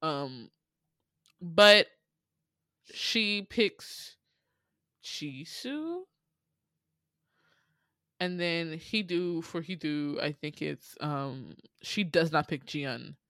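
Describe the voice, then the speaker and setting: Bright-voiced woman recapping with animated exasperation. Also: low-pitched, very slow, long pauses, no room sound. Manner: animated, laughing, mock-exasperated storytelling. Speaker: podcast host. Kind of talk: casual recap chat.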